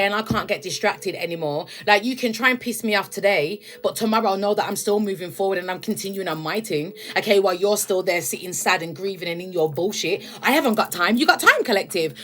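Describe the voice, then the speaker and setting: A woman's voice: mid-range voice, a bit bright. A young woman giving a casual, emphatic spiritual rant to her viewers, calling them babes and collective. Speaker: spiritual content creator.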